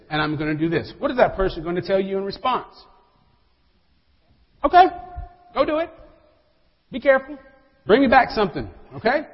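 High lively preacher guy, kinda husky, big reverb church sound, dull audio. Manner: animated, talks to the congregation, acts out quotes. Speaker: pastor. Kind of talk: sermon.

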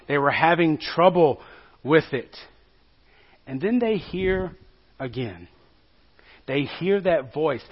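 A man preaching a sermon, retelling a Bible story with jokes and acted-out quotes, his voice swinging between loud and soft. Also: a little high, muffled recording. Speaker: pastor.

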